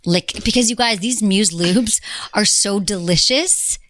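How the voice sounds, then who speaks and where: A woman's voice: mid-range voice, unhurried, a bit bright. A middle-aged woman hosting a podcast, giving frank and upbeat advice in casual chat. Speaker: podcast host.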